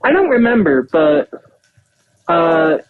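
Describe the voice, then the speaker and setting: A man's voice: on the high side, sing-song, slow pace, soft background music. Rambling young man, slightly muffled. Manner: rambling with filler words. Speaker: podcast co-host. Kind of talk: casual storytelling chat. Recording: slightly dull lo-fi sound.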